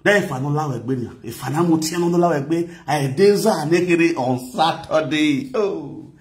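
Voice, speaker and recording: A man talks in a playful sing-song, slipping between languages and chanting phrases over and over. His voice sits a little high for a man. The room around him is echoey. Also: unhurried. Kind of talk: casual livestream chat with singing and chanting.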